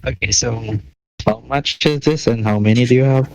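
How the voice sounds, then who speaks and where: A man's voice: medium pitch, normal speed, gravelly, no echo, rough recording. A man playing in a tabletop game, answering briefly with hesitant fillers. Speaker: player. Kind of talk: tabletop role-play chat.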